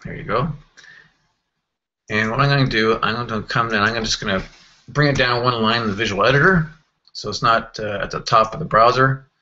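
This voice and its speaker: A man's voice: mid-range voice, a little fast, bright, forceful tone, highs cut off. Man narrating a casual screen tutorial. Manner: casual, thinking aloud with fillers and self-corrections. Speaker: software tutorial presenter. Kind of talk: screen-recorded software walkthrough.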